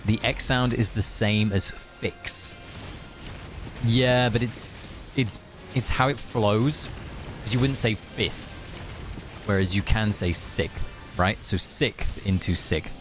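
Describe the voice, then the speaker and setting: A man's voice: fairly low pitch, slow, pauses often, faint music behind. A British man chatting casually on a live game stream, playful and musing aloud as he talks.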